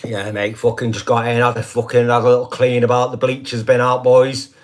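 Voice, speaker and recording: A man's voice: medium pitch, completely flat delivery, a little fast, a little hiss or hum. An older man, chatting casually on a live stream, rambling and swearing constantly and checking in with the listeners every few lines. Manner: rambling, heavy swearing, constant "do you know what I mean".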